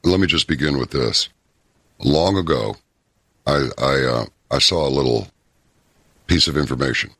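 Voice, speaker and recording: Very deep, husky-voiced man. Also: normal speed, long pauses, a bit bright, no echo, clean studio sound. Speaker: guest. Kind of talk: casual interview talk.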